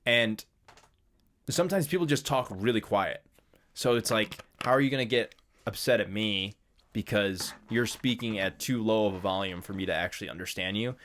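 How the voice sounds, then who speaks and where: Laid-back man with a lowish voice. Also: normal speed, fairly bright tone, a little hiss or hum. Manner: laid-back storyteller, laughs often, loose filler-heavy phrasing. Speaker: podcast co-host. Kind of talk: casual chat.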